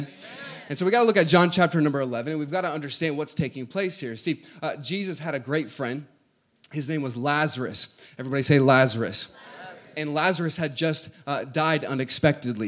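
A man preaching a sermon, moving between quiet conversational teaching and loud, rising exhortation. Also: medium pitch.

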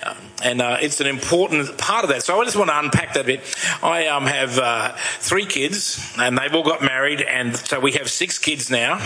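A man in his sixties giving a sermon, telling personal stories in a conversational, self-deprecating way and dropping soft and slow when he turns reflective. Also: mid-range voice, low-quality recording. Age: 60s. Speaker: preacher.

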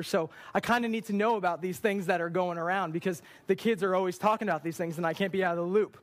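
A young man speaking as a youth pastor, preaching to a church group in a chatty storytelling way with animated quoted dialogue. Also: high-pitched. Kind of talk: youth sermon with a personal story. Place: church service.

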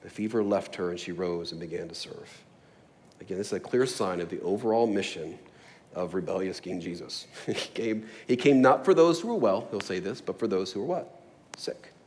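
A man's voice: low-pitched, normal speed, darkish tone. A man preaching a sermon in a church, conversational and prone to laughing, building to emphatic passages. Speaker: pastor. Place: church sanctuary.

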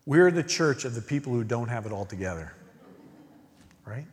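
A man preaching a sermon as pastor, earnest, swinging from emphatic questions to hushed, near-whispered lines. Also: mid-range voice, lively intonation, normal speed, a little hiss or hum. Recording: long reverb of a large hall.

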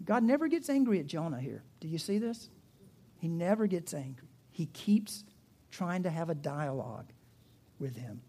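A man's voice: on the high side, very animated, normal speed, warm tone, breathy edge. A man with a Southern US accent preaching a sermon, retelling a story in a chatty, humorous way with asides and restarts. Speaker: pastor.

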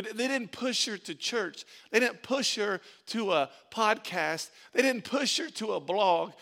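A man's voice: high voice, vocal fry, sharp tone. A man preaching a sermon as pastor, repeating phrases and building emphasis.

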